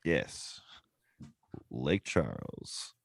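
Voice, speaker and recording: A man's voice: extremely low pitch, big pitch swings, very slow, gravelly, no room sound. A man hosting a podcast in casual chat, explaining things loosely with lots of fillers. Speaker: podcast host.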